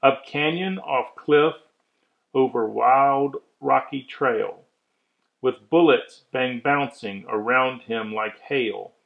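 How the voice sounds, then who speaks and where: Slow man reading a rhyming storybook. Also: mid-range voice, creaky, narrow, tinny audio. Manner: measured, expressive rhyming delivery. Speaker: reader of a children's story. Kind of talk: rhyming storybook read-aloud.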